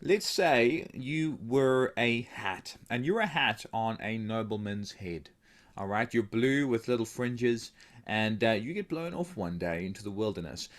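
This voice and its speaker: A man's voice: mid-range voice, animated, a little slow. Joking male podcast co-host. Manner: joking, teasing, with many fillers and laughs. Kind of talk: playful improvised podcast banter.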